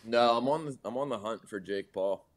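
A man's voice: medium pitch, moderate pace. Laughing, crude-joking podcast co-host man. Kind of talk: casual chat over a remote call.

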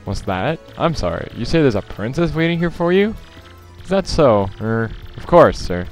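A man's voice: mid-range voice, very animated, moderate pace, voice pushed up, close to an everyday voice. Man playing a deferential sailor, polite, slightly hesitant, faint game music. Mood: courteous. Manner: polite, addresses "sir", hesitant. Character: courteous male ship crewman, deferential.

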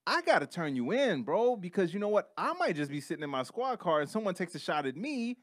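A man co-hosting a podcast, talking in an emphatic, animated way and calling his co-host bro and man. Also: sits high, a little fast, dry recording, studio quality. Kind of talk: casual podcast chat.

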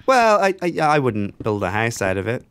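A man's voice: medium pitch, sing-song, moderate pace, fairly bright tone, slight background noise. A man hosting a Minecraft let's-play, joking and teasing in casual voice chat on a headset mic.

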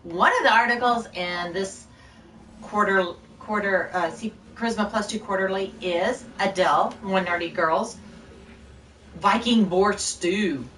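A woman's voice: mid-range voice, measured pace, fairly bright tone, echoey room, recorded from a distance, a little hiss or hum. A woman streaming a game live, chatting loosely with viewers in a scattered, rambling way, short on sleep. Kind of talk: casual live-stream chat while gaming.

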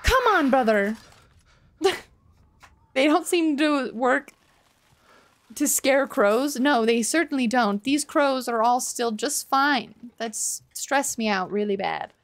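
A woman's voice: sits high, takes it slowly. A woman streaming a horror game for the first time, reacting with startled curses and apologizing to the characters. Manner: jumpy, swears when startled, apologetic. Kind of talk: live gameplay commentary.

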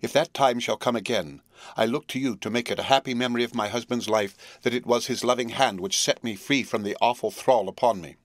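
A man's voice: medium pitch, brisk, no echo, close to an everyday voice. A man voicing a devoted young wife who faces death, earnest, tender and pleading, in a storybook reading. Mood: solemn, pleading.

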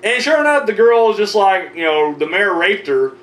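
A man's voice: sits high, big pitch swings, normal speed, fairly bright tone, recorded from a distance. Male horror reviewer, casual rambling recap, profane and filler-heavy; roomy sound with a faint hum behind him. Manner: loose and profane, heavy on fillers like "you know" and "like".

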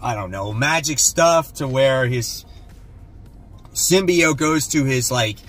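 A man's voice: mid-range voice, expressive, slow, a bit bright, faint music behind. A man hosting a casual comic haul video, laid-back and blunt, often tacking "man" onto his sentences. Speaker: comic book channel host.

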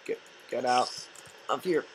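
A man doing goofy, rambling solo game commentary with sudden yelling outbursts. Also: mid-range voice, unhurried, a little hiss or hum, low-quality recording. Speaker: gameplay commentator.

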